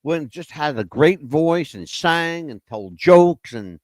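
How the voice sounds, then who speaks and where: Guy hosting a chat show, playful and teasing, voice bounces all over, kinda high, dry sound. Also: lively intonation, slow pace, no room sound. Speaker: show host. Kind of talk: casual chat.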